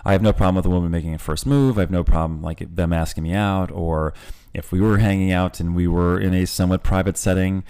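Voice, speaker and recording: A man's voice: deep voice, fairly even intonation, fast, mellow, clear, resonant tone. A man co-hosting a podcast, speaking candidly and thoughtfully in long winding sentences. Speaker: podcast co-host. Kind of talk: casual podcast chat.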